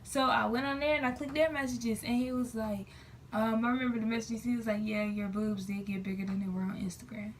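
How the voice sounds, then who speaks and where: Young female vlogger, casual storytime delivery, slightly high voice, recorded a little off-mic. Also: flat delivery, fairly quick, distant mic, a little hiss or hum. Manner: chatty, lots of "like", quoting herself and others.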